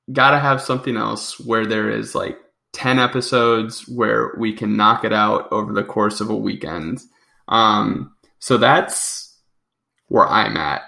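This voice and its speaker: Gravelly, bright-toned man chatting. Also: fairly low pitch. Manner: rambling, self-correcting. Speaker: podcast co-host. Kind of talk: casual chat.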